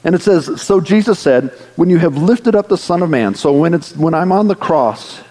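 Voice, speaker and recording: A man delivers an earnest sermon and leads his congregation through prayer. His voice sits somewhat high yet sounds mellow and warm. A long reverb from a large church hall trails behind every phrase. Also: expressive, normal speed. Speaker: pastor.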